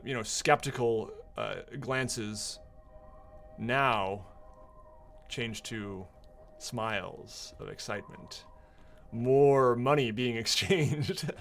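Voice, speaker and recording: A man's voice: mid-range voice, a bit bright. A man running a tabletop game as game master, narrating in an easygoing, rambling way with many fillers.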